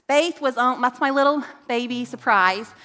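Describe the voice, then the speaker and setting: A woman's voice: on the high side, normal speed, pushed and bright. A middle-aged woman, a children's ministry director, giving an earnest, emphatic talk to parents in a church, turning to quiz the kids now and then. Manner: earnest, emphatic preaching with rising questions to kids. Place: church sanctuary. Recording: long reverb in a church hall.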